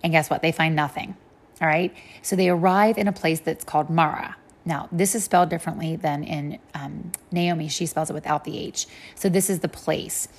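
Chatty woman teaching the Bible. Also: low-pitched. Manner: chatty, animated, acts out quick voices for God and people.

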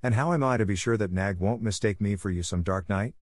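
A man's voice: on the low side, a little fast, no echo, studio quality, lightly acted. A man reading a storybook aloud, voicing a timid, weepy little male muskrat who pleads and whimpers. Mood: fearful, tearful.

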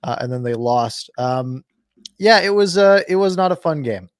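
A man's voice: a little high, expressive, moderate pace, no echo. A man co-hosting a casual sports podcast, recapping games in a rambling way with dry sarcasm. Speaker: podcast co-host.

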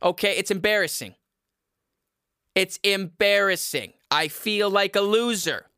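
Loud, ranting comedy podcast man. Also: unhurried, clear, resonant tone, no room sound, clean studio sound. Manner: loud, high-energy, shouty and profane; sarcastic, self-mocking.

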